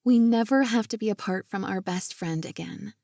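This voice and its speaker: A woman voicing an adoring, quirky young woman in a romance audiobook, lifting her voice into a bright, teasing tone. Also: medium pitch, normal speed, no room sound, clean studio sound, close to an everyday voice. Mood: heartfelt.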